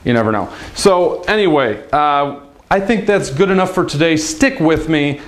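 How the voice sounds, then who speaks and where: A man's voice: a little high, animated, normal speed. A man teaching a casual video language lesson in an upbeat, chatty way.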